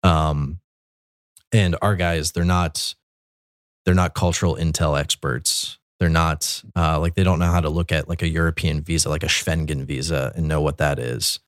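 A man's voice: a bass voice, fairly even intonation, moderate pace, no room sound, clean studio sound. A man, a Catholic military chaplain, telling his story in a loose, rambling way with many fillers and restarts. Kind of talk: conversational storytelling.

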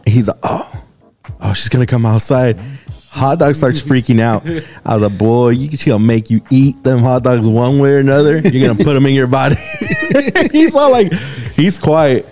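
Mellow-voiced man telling a story. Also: medium pitch, moderate pace, faint music behind. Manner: animated, laughing storyteller. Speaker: radio show co-host. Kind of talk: casual storytelling chat.

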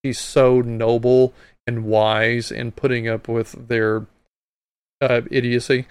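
A man's voice: medium pitch, little pitch movement, takes it slowly, darkish tone, clear, resonant tone, no echo. A man hosting a podcast, commenting bluntly and with exasperation on a hearing clip. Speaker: podcast host.

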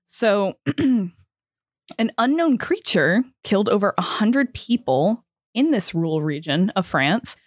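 A woman's voice: medium pitch, very animated, slow, no echo, studio quality. A young woman co-hosting a podcast, chatting casually, swearing and laughing, and stumbling over words as she reads out a story. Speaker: podcast co-host. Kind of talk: casual chat, reading out a story.

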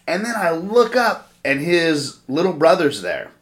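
A man's voice: a little high, sing-song, a little slow, fairly bright tone. Swearing, rambling male podcast talker. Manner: profane, rambling storyteller. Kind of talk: casual podcast chat.

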